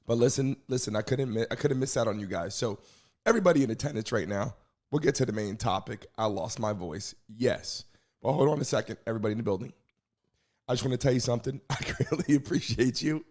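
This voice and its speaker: Hoarse man hosting a live stream. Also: medium pitch, a little fast. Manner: energetic, greets chat viewers by name. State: hoarse, lost his voice. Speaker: live stream show host. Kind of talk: casual live stream chat.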